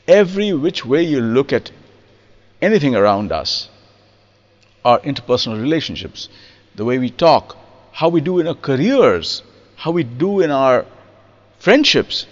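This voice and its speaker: A man giving a spoken music lesson on rhythm, lively and demonstrative, acting out examples and reciting verse in a studio. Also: mid-range voice, long reverb tail, dull audio. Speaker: percussionist explaining rhythm.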